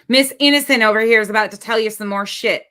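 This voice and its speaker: A woman's voice: a little high, fast, bright, forceful tone. A woman hosting reaction commentary, sarcastic and exasperated about what she plays. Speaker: commentary host.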